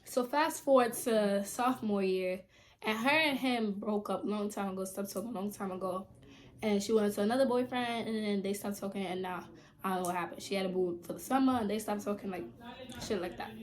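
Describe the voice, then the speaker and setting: A young woman vlogger casually telling a story to her camera, chatty and animated, full of "like". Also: brisk. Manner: chatty and animated, heavy use of "like", jumps high when quoting people. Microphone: camera mic at home, filming herself.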